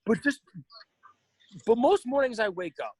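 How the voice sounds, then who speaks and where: A man co-hosting a casual podcast chat, blunt and profane, often bursting into loud laughter. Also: very high-pitched, lively intonation, unhurried, husky, dry recording. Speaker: podcast co-host.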